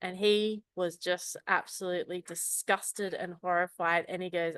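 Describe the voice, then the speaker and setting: Casting: woman, forties, from Australia, fairly low voice, animated storyteller, dry sound. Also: normal speed, dry recording. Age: 40s. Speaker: club speaker. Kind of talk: impromptu speech.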